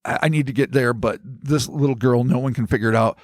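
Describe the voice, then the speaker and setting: A foul-mouthed old ghost man pleads in a rambling way to move on to the other side, as a podcast host puts him on. The voice sits at an ordinary middle pitch. The sound is dry and close. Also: fast talker, no echo, close to an everyday voice. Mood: pleading.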